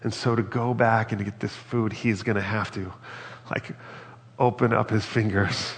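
A male pastor preaches in an earnest, reflective way, with a low, gravelly voice. His words ring out with a long reverb, as if he were in a large hall. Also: fairly even intonation, moderate pace. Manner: earnest, reflective, reads scripture aloud. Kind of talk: sermon.

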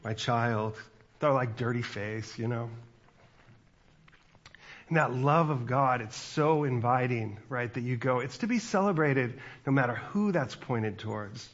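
A man's voice: medium pitch, a little slow, muffled recording. A man in his forties, a pastor, giving a chatty sermon with asides to the congregation.

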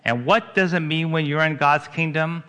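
A man's voice: fairly high pitch, moderate pace, sharp tone, clear, resonant tone. A man, a pastor, preaching a sermon in a conversational way, asking his congregation questions.

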